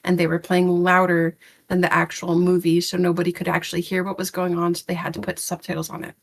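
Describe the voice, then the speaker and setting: Low gravelly woman ranting casually. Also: completely flat delivery, fast talker. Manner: rambling, with many fillers and restarts; blunt and exasperated, swears casually. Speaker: podcast co-host. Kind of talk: casual podcast chat.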